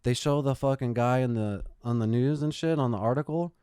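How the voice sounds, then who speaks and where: Smooth-voiced man telling profane stories. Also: medium pitch, brisk, few pauses, dark tone, dry recording, studio quality. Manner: profane storytelling, swears a lot. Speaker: podcast host. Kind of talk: casual chat. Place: Phoenix, Arizona.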